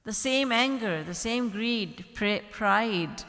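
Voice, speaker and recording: A woman's voice: fairly high pitch, animated, slow pace, fairly bright tone. A woman spiritual teacher giving an earnest devotional discourse, full of rhetorical questions. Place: large retreat hall. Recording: long reverb from a large hall.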